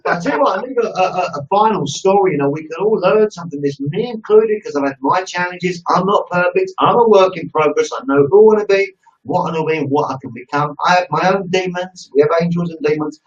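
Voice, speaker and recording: A British man hosting an online interview, pouring out praise and storytelling with lively gusto. His voice sits a little high. It comes through far from the mic on a muffled, lo-fi call. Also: fast. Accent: British English. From United Kingdom. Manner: effusive, warm-hearted, storytelling with gusto. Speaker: interview host. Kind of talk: enthusiastic live-stream sign-off.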